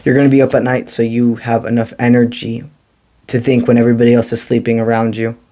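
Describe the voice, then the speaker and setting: Mellow-voiced man giving a tarot reading. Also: medium pitch, fast. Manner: calm, encouraging, mystical, casual slang. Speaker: tarot reader. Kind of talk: spiritual tarot reading to camera.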